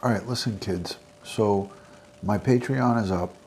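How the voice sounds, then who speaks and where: A middle-aged man from the American South with a New York accent, hosting a livestream and rambling through friendly shout-outs to his chat. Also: lowish voice, measured pace, slight background noise. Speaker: livestream host. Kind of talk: casual livestream sign-off chat.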